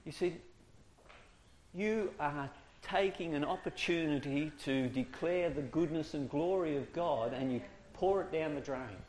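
A man's voice: on the high side, measured pace, darkish tone. A man giving a humorous teaching talk to an audience of church workers, chuckling often and acting out quoted voices. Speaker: preacher training children's ministry workers.

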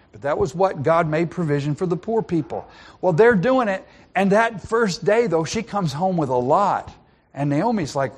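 A man preaching a sermon, retelling a Bible story with playful asides and frequent restarts. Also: fairly high pitch.

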